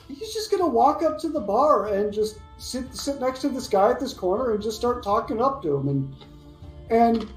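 A woman's voice: a little high, a little mellow. A woman playing a tabletop game, chatty and rambling as she describes her character. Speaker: player. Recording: echoey room with faint music.

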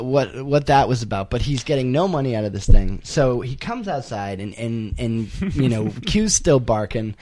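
A man telling a story at an open mic, animated and tumbling over his own words. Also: on the high side. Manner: animated, repeats words as he rushes on. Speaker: guest storyteller. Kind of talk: live storytelling.

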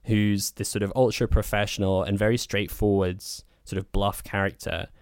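A man with a lowish voice chats through a film review, blunt and opinionated, piling up loose asides as he goes. The sound is close and dry, with no room around it. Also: flat delivery, normal speed, a little mellow, dry recording. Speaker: podcast co-host. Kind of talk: casual film review chat.

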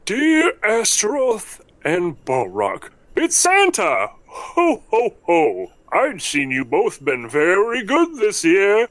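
A man's voice: high voice, wildly swooping pitch, takes it slowly, a bit bright, dry recording, pitched above the performer's own voice, heavily acted. A man voicing Santa Claus, a jolly old man who laughs with hearty ho-hos.

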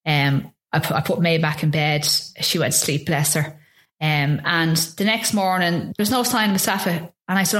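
A low-pitched woman from Ireland telling her story as an interview guest. She speaks earnestly and haltingly, restarting phrases and acting out past conversations as she goes. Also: fairly even intonation, fairly bright tone, roomy sound. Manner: earnest and halting, with frequent restarts and re-enacted dialogue. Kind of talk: recounting a personal ordeal in an interview.

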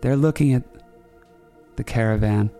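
A man's voice: mid-range voice, moderate pace, warm tone, faint music behind. A man hosting a comedy podcast, telling a rambling story in a playful way and correcting himself as he goes. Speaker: podcast host. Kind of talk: comic storytelling.

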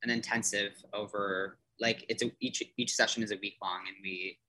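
Bright-voiced chatty man in his thirties. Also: on the low side, steady tone, normal speed, low-quality recording. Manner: rambling, many restarts and fillers. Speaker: theater performer guest. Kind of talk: casual podcast chat.

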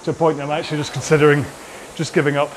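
A man's voice: fairly high pitch, level tone, rapid-fire, a little hiss or hum. A man coaching an indoor rowing workout while rowing, chatty and rambling, often mocking himself.

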